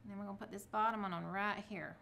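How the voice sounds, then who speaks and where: A woman's voice: mid-range voice, fairly even intonation, fast, vocal fry, bright, forceful tone. A middle-aged woman, chatting through a casual craft tutorial and cheering herself on as she works. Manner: chatty, self-encouraging, talks to viewers. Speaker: craft vlogger.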